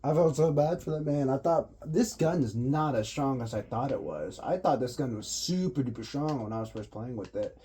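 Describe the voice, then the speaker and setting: Guy talking through a game, dark kinda husky voice, slangy and loose. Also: mid-range voice, expressive, normal speed, few pauses. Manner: loose, slangy, explaining as he plays. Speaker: gaming commentator. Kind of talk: casual gameplay commentary.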